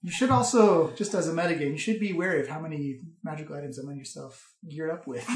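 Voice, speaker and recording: A man's voice: a little high, fairly quick, reverberant. A man narrating a tabletop game as game master, chatty and joking. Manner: chatty, joking, laughs easily.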